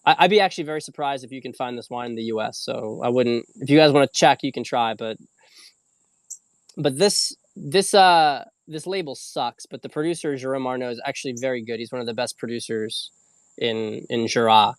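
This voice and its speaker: Male host, casual meandering delivery, middle pitch, dead dry room. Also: brisk, no room sound. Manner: rambling, casual, swears freely. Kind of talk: casual livestream talk.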